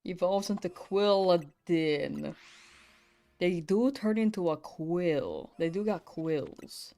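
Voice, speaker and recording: A woman's voice: fairly low pitch, expressive, takes it slowly, warm tone. A young woman from the United States chatting casually with viewers on a live game stream, giggling often between remarks.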